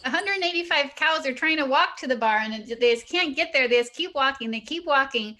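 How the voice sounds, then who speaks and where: A woman's voice: sits high, animated, brisk, sharp tone. A woman improv player building a rambling joke to its punchline.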